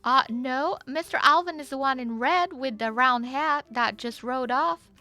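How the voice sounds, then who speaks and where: A woman's voice: sits high, measured pace, bright, forceful tone, no room sound, voice pushed up. A woman playing a polite, folksy Southern belle in a wild west role-play, with a put-on Southern US accent.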